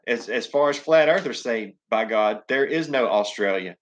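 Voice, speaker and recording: A man's voice: medium pitch, lively intonation, moderate pace. A man with a Southern US accent hosting a casual live chat, rambling and swearing, full of ums and restarts. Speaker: live stream host.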